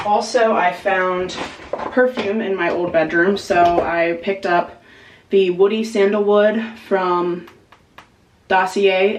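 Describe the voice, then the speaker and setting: Chatty young woman in an echoey room. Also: on the low side. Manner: bubbly and chatty, lots of fillers. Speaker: vlogger. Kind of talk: casual vlog chat. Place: home, indoors. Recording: echoey room, faint background noise.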